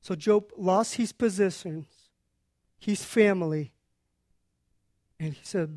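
A preacher teaching on a scripture passage in an earnest, unhurried way, pausing often to explain. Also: medium pitch, darkish tone, no room sound, clean studio sound.

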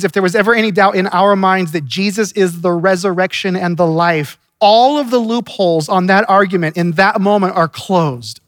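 A man's voice: high-pitched, dry recording, studio quality. A man preaching a sermon in an earnest, conversational way, often restarting his sentences. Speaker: pastor.

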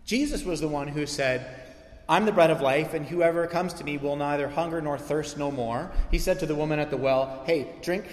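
A man's voice: a little high, moderate pace, echoey room, in a large hall. A man preaching a sermon as pastor, emphatic and repetitive, building in intensity.

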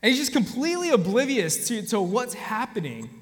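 High-voiced man preaching, casual storytelling. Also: very animated, brisk, big-room sound. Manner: conversational, frequent restarts, addresses audience directly. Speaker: pastor. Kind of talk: sermon with personal story.

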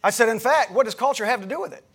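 A man's voice: very high-pitched, rapid-fire, a bit bright, breathy edge. A middle-aged man from the United States, a pastor preaching a sermon, retelling a conversation in a loose, conversational way with frequent restarts. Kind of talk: sermon storytelling.

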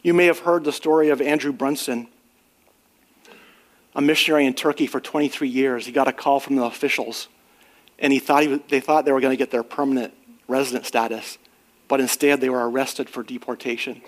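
A man's voice: mid-range voice, steady tone, brisk. A middle-aged man preaching a sermon in an earnest, conversational way, rising on emphatic questions and sharing personal stories. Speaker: pastor.

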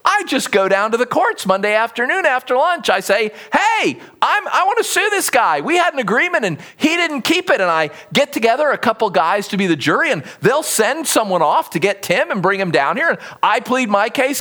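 A preacher teaching through a Bible passage in a casual, storytelling way. The pitch swings widely as the speaker acts out little scenes and rhetorical questions. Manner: conversational, animated, acts out quotes. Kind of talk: sermon.

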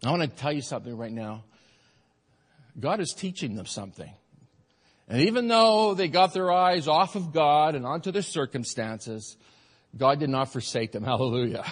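A man preaching a sermon as pastor, rising to loud peaks and dropping to quiet asides. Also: on the high side, expressive, normal speed. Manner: preaching, swings from shouted peaks to soft asides. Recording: long hall reverb.

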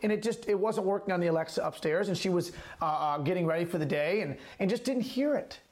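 A man's voice: high voice, quick pace. A man preaching a sermon as a pastor, emphatic, repeating key phrases and asking rhetorical questions.

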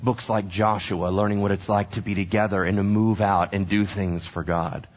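A man's voice: on the low side, little pitch movement, normal speed, highs cut off. A male pastor preaching a sermon, who keeps asking the congregation questions and then answers them himself. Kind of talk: sermon teaching from scripture.

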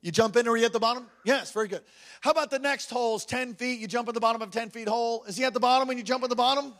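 High-voiced man preaching a sermon. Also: rapid-fire. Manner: emphatic preaching, repetitive, swings between loud and hushed. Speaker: pastor.

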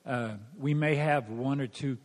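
A middle-aged man shares a grateful testimony in church and stumbles through repeated words. His voice sits at an ordinary pitch and echoes with long hall reverb. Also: steady tone, measured pace. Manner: grateful, stammering. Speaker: congregation member.

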